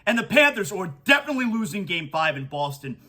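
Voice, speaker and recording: Talking at a quick pace in a high voice, a man hosting a sports podcast gets emotional and excited in his monologue, often stammering and starting over.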